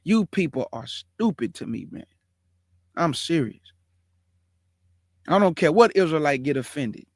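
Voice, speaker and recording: A man with a notably high voice delivers fiery preaching-style commentary as the host of his own show. He hammers his points home with emphatic repetition, and the sound is dry and close with no room echo. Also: very animated, moderate pace.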